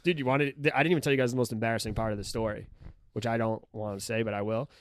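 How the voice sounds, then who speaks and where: A comedian guest in casual podcast chat, telling stories in an animated way, acting out quotes and laughing as he goes. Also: medium pitch, racing, no echo. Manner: animated storyteller who acts out quotes, laughs mid-story.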